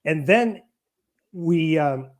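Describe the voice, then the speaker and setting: A man's voice: fairly high pitch, animated, very slow. Rambling middle-aged man, blunt and talkative. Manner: rambling, self-interrupting, blunt. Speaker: guest. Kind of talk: casual conversation.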